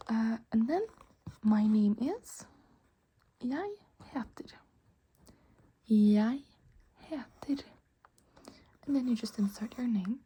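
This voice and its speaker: A woman whispers an ASMR lesson very close to the microphone. Her voice is soft and mellow, and she patiently repeats each word at an unhurried, slow pace. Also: fairly high pitch, breathy edge. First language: Norwegian. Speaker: language teacher.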